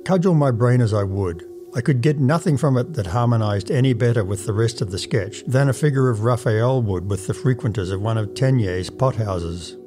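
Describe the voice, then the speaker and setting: A man narrating an old first-person story as a measured, formal audiobook reading. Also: medium pitch, music in the background.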